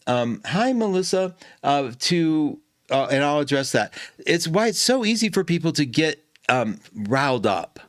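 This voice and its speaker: A man's voice: mid-range voice, no room sound, studio quality. A man hosting a live astrology stream, chatting playfully with viewers and greeting them by name.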